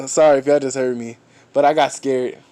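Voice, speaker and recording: A man's voice: medium pitch, fairly even intonation, brisk, mellow, smooth. A man casually retelling a fan story, rambling, restarting often and swearing offhand.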